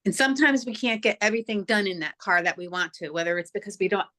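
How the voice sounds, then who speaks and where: A woman's voice: medium pitch, animated, quick pace, bright, forceful tone. A woman in a casual group chat on a video call, thoughtful and agreeable.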